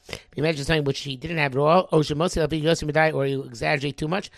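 A man teaching a religious text, reading phrases and translating them into many pauses and fillers. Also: on the high side, fairly even intonation, creaky, no room sound. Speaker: Torah teacher.

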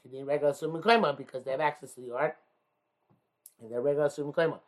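A man teaching a religious text, reading phrases aloud and explaining each one in English, with many pauses and "uh"s. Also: fairly high pitch, steady tone. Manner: reads Hebrew-Aramaic phrases then explains in English, many hesitations. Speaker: Talmud teacher. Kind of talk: text study lesson, reading and translating.

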